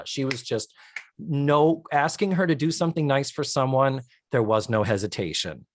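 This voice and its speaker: A man's voice: mid-range voice, moderate pace, no echo, clean studio sound. A man co-hosting a podcast, chatting casually and enthusiastically as he recaps a TV episode in detail. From United States. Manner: animated, enthusiastic, detailed describing. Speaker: podcast co-host.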